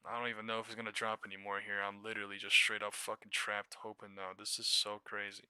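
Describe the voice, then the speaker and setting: A man's voice: on the low side, monotone, fast talker, pushed and bright, smooth, dry recording. A man giving live market commentary as a trading streamer, talking in exasperated, profane mutters that break into sudden outbursts.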